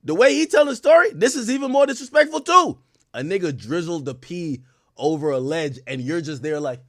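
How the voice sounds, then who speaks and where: A young adult man hosting a live stream, reacting loudly to gossip with profane, animated commentary and frequent laughter. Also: extremely high pitch, moderate pace, dry recording, studio quality. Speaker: streamer host.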